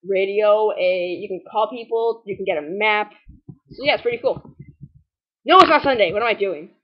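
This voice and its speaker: A woman's voice: medium pitch, muffled recording. A woman casually commenting on a game walkthrough, rambling and sarcastic with lots of "like" and "anyways". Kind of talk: casual let's-play commentary.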